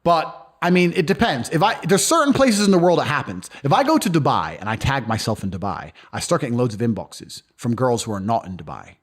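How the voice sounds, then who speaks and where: A man's voice: medium pitch, big pitch swings, a little fast, hardly any pauses. A man being interviewed, talking bluntly and boastfully, swearing freely and acting out other people's voices as he tells stories. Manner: acts out quoted voices of others. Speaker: interview guest. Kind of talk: casual interview talk.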